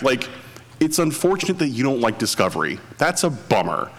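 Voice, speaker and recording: Animated laughing man in a reverberant room. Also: medium pitch, fairly quick. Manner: animated, laughs often, rambling restarts. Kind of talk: casual chat.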